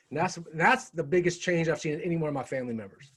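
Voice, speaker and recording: A middle-aged man telling a personal story in casual conversation as an interview guest, animated and peppering his talk with "right?". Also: on the high side, fast, breathy edge. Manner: animated storyteller, frequent "right?" tag questions.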